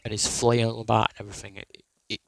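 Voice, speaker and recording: A man's voice: fairly low pitch, little pitch movement, fast, gravelly, low-quality recording. A young man, telling a rambling, sweary personal story in a casual way. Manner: rambling, sweary, restarts a lot.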